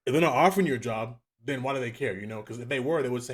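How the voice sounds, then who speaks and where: A young man co-hosting a podcast, telling animated, profane stories in casual chat. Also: mid-range voice. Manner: profane, fast, animated storytelling. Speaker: podcast co-host.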